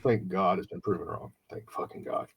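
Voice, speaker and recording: A man's voice: deep voice, normal speed, gravelly, a little hiss or hum. A man hosting a podcast, telling an emotional story in casual, profane chat and acting out his friends' voices. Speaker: podcast host.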